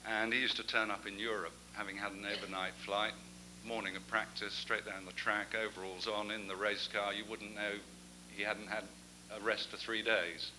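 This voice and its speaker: A man's voice: on the low side, level tone, moderate pace, background noise. A man giving an after-dinner talk as guest speaker, a chatty storyteller with self-deprecating asides. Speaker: guest speaker at a club gathering.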